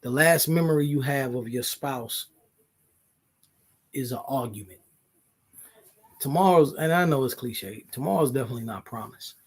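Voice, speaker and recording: A man's voice: mid-range voice, normal speed, long pauses, breathy edge. A man co-hosting a casual couple's podcast, talking earnestly, often cutting in and apologizing, with some swearing. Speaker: podcast co-host.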